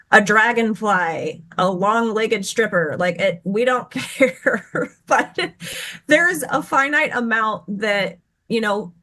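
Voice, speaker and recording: A woman's voice: mid-range voice, fairly bright tone. A woman teaching chart patterns as a guest. She explains in a hurry and stops now and then to correct herself. She speaks over a video call. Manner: rushed, tumbling explanations with self-corrections. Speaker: guest trading educator.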